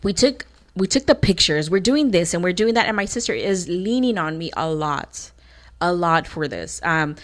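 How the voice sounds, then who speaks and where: A woman's voice: sits low, a bit bright. A woman in her thirties, co-hosting a radio podcast in casual chat, rambling with lots of fillers and restarts. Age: 30s. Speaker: podcast co-host.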